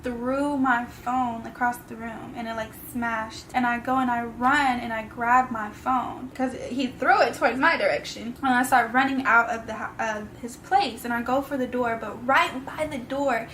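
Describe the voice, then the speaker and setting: A woman's voice: on the high side, fairly even intonation, moderate pace, hardly any pauses, a bit bright, a little hiss or hum, low-quality recording. A young woman telling a personal story in a vlog, with casual slang, emotional and tearful at times. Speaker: vlogger.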